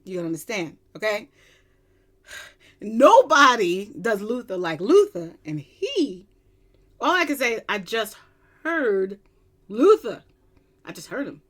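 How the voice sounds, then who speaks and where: An excitable woman from Long Island, gushing casually in a music reaction video. Her voice is bright and forward, and she breaks into giddy squeals as she talks into her computer mic at home. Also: mid-range voice, measured pace, pauses often. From Long Island, New York. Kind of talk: casual chat.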